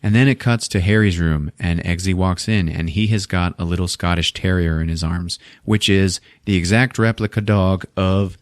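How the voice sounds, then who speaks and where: A man hosting a podcast, casually recapping a movie as an animated storyteller who laughs often and swears freely. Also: low-pitched, normal speed, few pauses, no room sound, clean studio sound. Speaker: podcast host.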